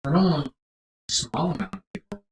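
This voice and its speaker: A man co-hosting a casual chat, blunt and heavily profane, often trailing off quietly. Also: fairly high pitch, moderate pace. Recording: roomy echo.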